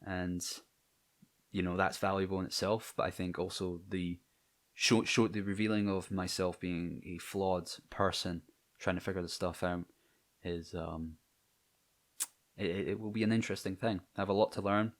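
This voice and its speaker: A man's voice: deep voice, fairly even intonation, normal speed. A young Scottish man from near Edinburgh talking to camera in a personal vlog, hesitant and self-conscious, with many ums and restarts. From Scotland. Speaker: channel host.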